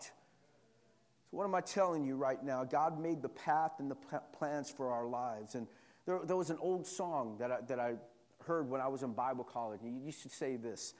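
A pastor preaching a sermon, moving from quiet personal storytelling to loud, repetitive call-and-response preaching. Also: male voice, medium pitch, normal speed, long reverb tail.

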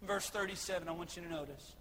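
High, bright-voiced preacher who shouts. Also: male voice, fast talker, big-room sound, a little hiss or hum, rough recording. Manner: preaching with rising shouted emphasis; repetitive rhetorical questions. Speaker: pastor. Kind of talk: sermon.

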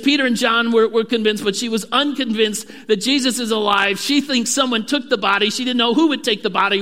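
A man preaching in a church with a high, bright, clear voice. He speaks earnestly and sometimes sinks into a hushed tone. His voice rings with a long hall reverb. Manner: earnest preaching, drops to a hushed voice at key moments. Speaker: pastor. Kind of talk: sermon.

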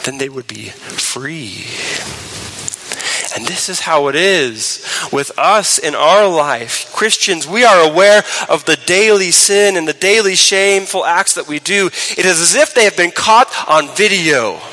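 A man preaching a sermon as pastor, shifting between emphatic raised lines and soft, low, tender passages and slowing on key words. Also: expressive, a little hiss or hum, rough recording.

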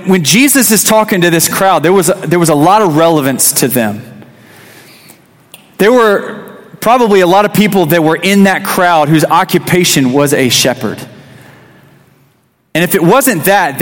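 A man's voice: a little high, big-room sound. A man in his thirties, a youth pastor, giving a conversational sermon with a personal story, restarting phrases and acting out quotes. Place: church sanctuary.

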